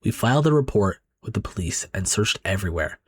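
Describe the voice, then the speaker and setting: A man's voice: on the low side, expressive, brisk, slightly rough, no echo, clean studio sound. A man voicing a polite university staff member in a dramatic reading of a horror manga, speaking matter-of-factly.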